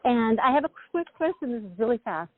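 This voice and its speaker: A woman caller from California, hurried and quick to laugh. Her voice sits fairly high. The sound is tinny, like a phone line. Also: big pitch swings, a little hiss or hum.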